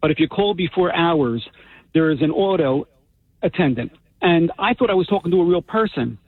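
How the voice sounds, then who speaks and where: A man's voice: a little high, animated, moderate pace, no room sound. A man calling in to a radio show, chatting in a friendly way and telling a story. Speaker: caller. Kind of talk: phone-in chat. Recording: tinny phone line.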